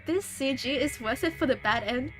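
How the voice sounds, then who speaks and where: A woman streamer playing a horror dating game, reading its text aloud with animated, dramatic reactions. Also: high-pitched, moderate pace, over music.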